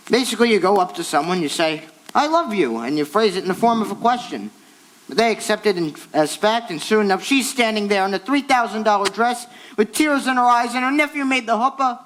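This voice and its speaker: A man's voice: sits high, fairly bright tone, low-quality recording. A man playing a wistful theatre fan who talks to the audience in rambling, confiding asides on a stage. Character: wistful male theatre fan narrating a record. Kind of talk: stage musical acting.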